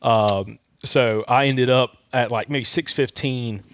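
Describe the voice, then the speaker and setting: A man hosting a podcast, telling a long story in a rambling, relaxed way. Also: medium pitch, slow pace, a little hiss or hum. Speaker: podcast host.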